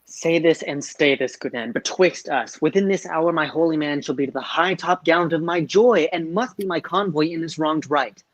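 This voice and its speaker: A woman's voice: low-pitched, moderate pace, few pauses, dry recording. A woman playing an earnest young male lover in a Shakespearean stage drama, declaiming. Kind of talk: Shakespearean stage acting over video call.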